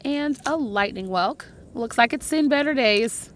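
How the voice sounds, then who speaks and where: A woman vlogger narrating her beach walk, gently admiring each shell she picks up. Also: a little high, animated, unhurried, slight background noise. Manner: gentle, admiring commentary on finds.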